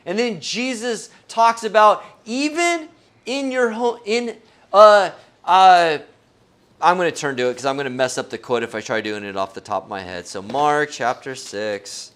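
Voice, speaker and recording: A man's voice: a little high, lively intonation, moderate pace, fairly bright tone. A middle-aged male pastor giving a conversational sermon, joking about himself and asking his listeners questions. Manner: humorous, self-deprecating, asks the audience questions.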